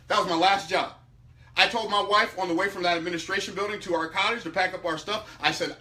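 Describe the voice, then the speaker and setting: High, bright-voiced emphatic man. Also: fast talker. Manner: emphatic, swings between loud outbursts and low asides. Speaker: speaker teaching about money. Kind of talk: animated storytelling talk.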